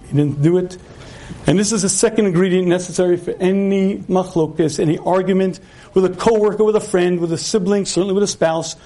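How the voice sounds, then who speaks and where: A man giving a religious lecture as a storyteller who acts out the voices in his dialogue and often clears his throat. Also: high-pitched. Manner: animated storyteller acting out dialogue.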